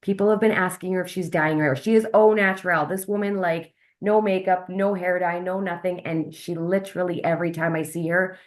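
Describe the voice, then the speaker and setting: Brief: woman host on a video call, lower-pitched, upbeat, chatty, talks straight to viewers. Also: fairly even intonation, fairly quick, hardly any pauses. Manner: upbeat, chatty, questions the audience directly. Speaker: host of a wellness sales webinar. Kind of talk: live video call presentation.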